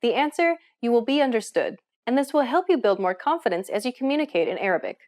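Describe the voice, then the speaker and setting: A woman's voice: a little high, lively intonation, quick pace, darkish tone. A woman hosting a language lesson, giving scripted, encouraging explanations in an upbeat way.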